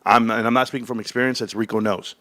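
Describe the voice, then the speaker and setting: Middle-aged male stream host, bright and forceful, dry close sound, heated and profane. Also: medium pitch, quick pace, no echo. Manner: heated, profane, extremely animated. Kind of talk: live-stream rant.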